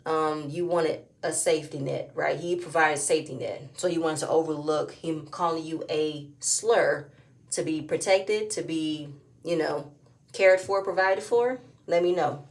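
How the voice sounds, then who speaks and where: A woman's voice: sits low, unhurried. Opinionated woman recapping a reality show. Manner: opinionated, rising to emphatic outbursts. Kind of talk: casual recap commentary.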